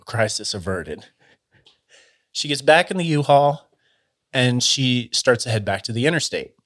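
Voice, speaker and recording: A man telling a story casually, in a loose, halting way full of fillers and restarts. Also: medium pitch, expressive, fairly bright tone.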